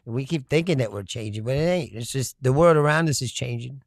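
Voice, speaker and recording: A man's voice: mid-range voice, fairly quick, creaky, no echo, studio quality. A man hosting a casual comedic political talk, rambling and profane, breaking into laughter often. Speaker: political commentary host.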